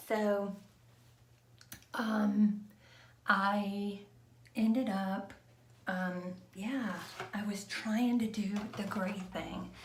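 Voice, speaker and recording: A middle-aged woman vlogging at home on a handheld phone, talking in a hushed, partly whispered ramble full of fillers. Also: mid-range voice, reverberant, a little hiss or hum. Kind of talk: casual chat to camera. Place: home, indoors. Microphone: handheld phone camera.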